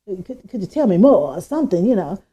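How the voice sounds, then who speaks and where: A woman co-hosting a podcast, talking in a casual, animated way and acting out quoted speech. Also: mid-range voice, brisk, husky. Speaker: podcast co-host. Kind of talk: casual chat. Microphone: podcast microphone.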